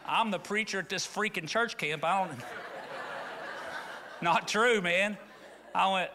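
A man's voice: sits high, slow pace, long pauses, pushed and bright. A middle-aged man from rural Arkansas, preaching a conversational sermon that rises into fervent appeals. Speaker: pastor.

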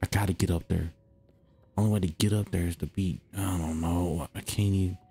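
Young gaming host: low, dark voice, jumpy, slangy let's-play chatter. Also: male voice, fairly quick, husky. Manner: excitable, slangy, talks to himself; drops to a hush when the game gets quiet.

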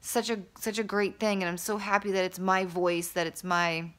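A woman talking candidly to camera in a casual vlog, rambling with fillers and restarts, openly excited. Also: mid-range voice, moderate pace. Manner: excited and enthusiastic. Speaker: vlogger and author.

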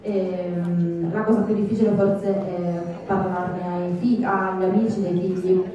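A woman's voice: on the low side, level tone, warm tone, highs cut off. Woman interpreting in an echoey hall. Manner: measured, hesitant, with fillers. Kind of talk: consecutive interpreting. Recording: echoey convention hall from far off, crowd noise.

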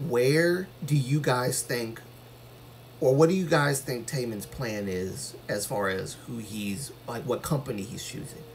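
A man's voice: medium pitch, vocal fry, a little hiss or hum. Earnest man chatting on a live stream. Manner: earnest, rambling, projects his voice when passionate. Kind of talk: casual live stream chat.

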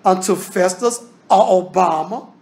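A man's voice: sits high, measured pace, a little mellow. Man teaching Bible study. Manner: reads scripture aloud and explains it in plain talk; casual Southern American grammar.

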